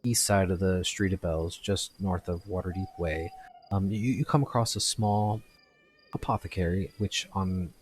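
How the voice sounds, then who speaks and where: A man with a very low voice runs a tabletop game, describing scenes in a halting way with many restarts. His delivery is loose and unscripted, and faint noise sits behind it. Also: steady tone. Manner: halting, full of fillers and restarts. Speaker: game master.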